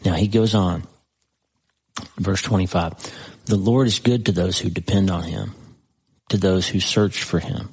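A man preaching a sermon, reading scripture aloud slowly with dramatic pauses and breaking into conversational asides to the listener. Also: low-pitched, steady tone, darkish tone, husky, rough recording.

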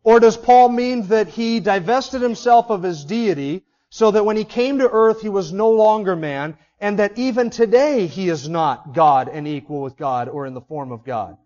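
A man's voice: sits high, moderate pace, few pauses, a little mellow, highs cut off. A man preaching an expository sermon as pastor, teaching emphatically through rhetorical questions.

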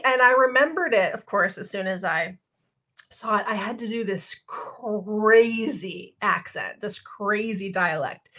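A woman's voice: a little high, fairly bright tone. A middle-aged woman co-hosting a podcast, chatting casually with frequent laughs and rambling restarts. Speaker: podcast co-host. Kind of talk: casual chat.

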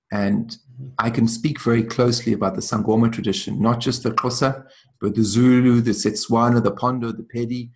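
A man being interviewed as a traditional healer, telling reflective stories in a thoughtful, measured way. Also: mid-range voice. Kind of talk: reflective storytelling.

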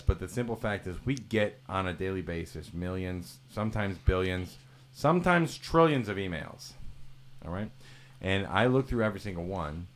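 Deep-voiced joking podcast host man. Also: a little hiss or hum. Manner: joking, mock-serious exaggeration. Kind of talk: casual podcast chat.

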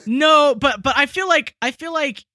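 A man's voice: extremely high pitch, moderate pace, no echo, clean studio sound. A young man co-hosting a podcast, rambling through his opinions with jokes. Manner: animated, rambling, joking. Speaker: podcast co-host. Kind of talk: casual chat.

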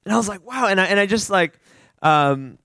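An earnest man shares a testimony with a church gathering, animated and rambling, often restarting his sentences. His voice is high for a man. The sound is dry and close, with no room echo. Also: fairly quick, vocal fry, clear, resonant tone. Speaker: church member giving a testimony. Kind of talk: informal sermon sharing.

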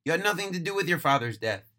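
A man doing a gentle young woman soothing. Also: fairly high pitch, animated, fast, pitched above the performer's own voice. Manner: soft, soothing.

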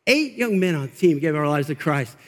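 Fired-up high-voiced pastor preaching. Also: male voice, lively intonation, brisk, a bit bright. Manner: fired-up, conversational preaching with laughs. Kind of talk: energetic sermon. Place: church sanctuary. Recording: long reverb of a large hall.

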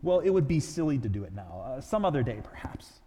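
A man's voice: mid-range voice, sing-song, fairly quick, dark tone, natural voice. A man reading as a fretful, stammering male ghost. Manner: petulant, stammering excuses. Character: fretful, evasive male ghost clinging to his vice. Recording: long reverb of a large hall.

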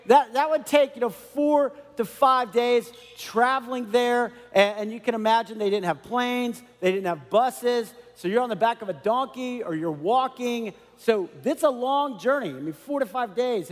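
High-voiced man preaching in a reverberant hall. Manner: animated, conversational preaching with many asides. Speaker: pastor. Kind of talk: sermon.

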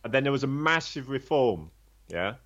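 A man's voice: mid-range voice, very animated, normal speed, fairly bright tone, muffled recording. A man telling his own story in a candid, conversational way, blunt and swearing freely, rambling with restarts.

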